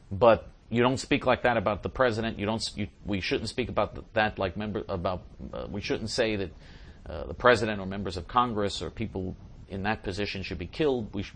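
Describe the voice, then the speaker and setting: A man's voice: lowish voice, vocal fry. A man hosting a show, answering listener questions in an emphatic casual monologue that repeats phrases for stress.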